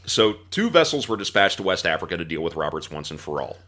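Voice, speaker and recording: Male podcast host, lower-pitched, bright and lively delivery, narrates history. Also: fast talker. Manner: animated storyteller, breaks into laughter and mock voices.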